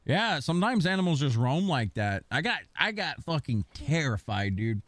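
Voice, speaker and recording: Male streamer, higher-pitched, very lively delivery, rambling and casually profane; faint music bed. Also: moderate pace, no room sound. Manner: animated rambling storyteller, swears casually. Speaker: game streamer. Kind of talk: casual chat while gaming.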